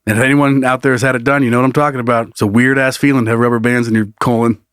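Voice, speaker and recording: A young adult man co-hosting a podcast in a casual comedic chat, crude and quick to laugh. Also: medium pitch, little pitch movement, a bit bright, smooth, no room sound, clean studio sound. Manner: crude, giggly, jokey. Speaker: podcast co-host.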